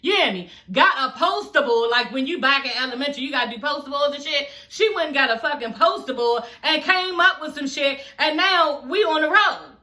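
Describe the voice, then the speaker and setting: A woman's voice: high voice, lively intonation, a little fast, hardly any pauses, pushed and bright. A woman giving a casual TV show review on her vlog, blunt and profane, chatting straight to her viewers as y'all.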